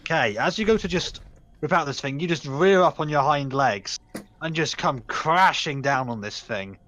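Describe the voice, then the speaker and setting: A man's voice: fairly high pitch, normal speed, fairly bright tone. Man, game master, teasing, vivid combat narration.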